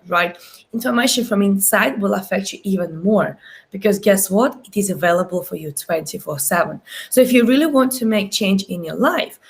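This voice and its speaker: A woman life coach speaks on a live stream, moving through client stories in a lively, persuasive way. Her pitch leaps up and drops low as she makes her points. She checks in with listeners again and again through short tag questions. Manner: animated storytelling, big pitch swings, frequent tag questions. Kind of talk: live-streamed motivational talk.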